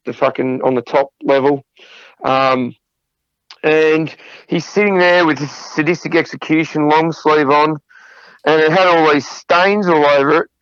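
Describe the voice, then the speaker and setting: A man's voice: a little high, smooth, no room sound, highs cut off. Swearing man telling tour stories. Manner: profane, laughing anecdotes. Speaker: podcast guest, drummer. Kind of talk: casual storytelling interview.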